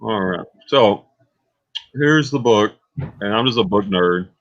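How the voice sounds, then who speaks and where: A man hosting a casual live stream, animated and chatty, reading book reviews aloud with a Texan accent. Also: on the low side, slow. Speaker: host. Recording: slightly muffled live-stream audio.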